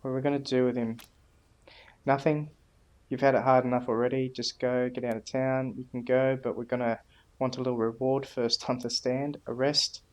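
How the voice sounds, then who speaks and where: A man's voice: medium pitch, flat delivery, normal speed. A man casually commenting on a video game as he plays, reading dialogue choices aloud in a laid-back way. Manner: reads dialogue options aloud, laid-back, laughs easily. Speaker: gameplay commentator.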